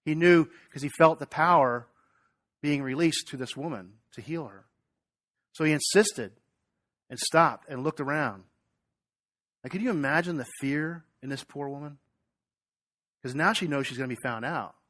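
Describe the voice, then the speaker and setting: A man's voice: fairly high pitch, normal speed, pauses often, no echo, studio quality. A man preaching a sermon, retelling a story in a conversational way and asking the congregation questions. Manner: animated retelling with acted quotes. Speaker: pastor.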